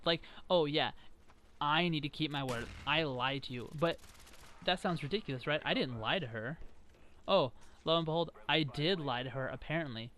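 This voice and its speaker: A man's voice: mid-range voice, brisk, a bit bright, slight background noise. A young man ranting casually while he plays a game, chatty and exasperated, trash-talking now and then. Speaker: gaming vlogger. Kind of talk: casual rant over gameplay.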